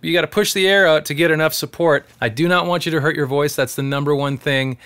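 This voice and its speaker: Bright, smooth-voiced man teaching singing. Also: fairly high pitch, steady tone, fast. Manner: breaks into sung demonstrations between explanations. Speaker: singer teaching vocal technique. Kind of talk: casual vocal tutorial.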